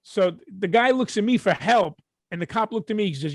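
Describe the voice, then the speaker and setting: A middle-aged man with a Brooklyn accent, co-hosting a podcast and telling stories in a casual, profane, animated way. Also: high-pitched, fairly quick, dry recording, studio quality. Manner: animated, profane, acts out quotes. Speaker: podcast co-host. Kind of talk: casual storytelling.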